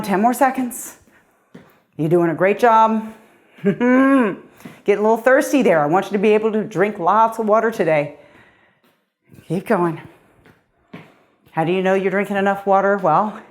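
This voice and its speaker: A middle-aged woman coaching a cardio workout with an upbeat, encouraging voice. She sounds a little out of breath as she keeps moving and cheers the listener on. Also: medium pitch. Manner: upbeat, encouraging, counting down reps. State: slightly out of breath. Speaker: fitness coach. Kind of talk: guided workout instruction.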